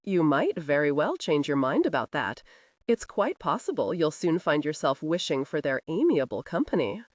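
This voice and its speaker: A woman's voice: low-pitched, very animated, moderate pace, dry recording, studio quality, pitched below the performer's own voice. A woman voicing a suave male earl who teases in a drawling, mocking way, in a romance audiobook. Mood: teasing.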